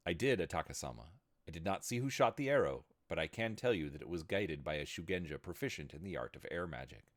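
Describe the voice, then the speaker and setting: A timid male priest-mage who answers carefully and deferentially, as a man narrator plays him. The voice is low with lively shifts. It belongs to a narrated fantasy tale. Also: quick pace, no echo, studio quality.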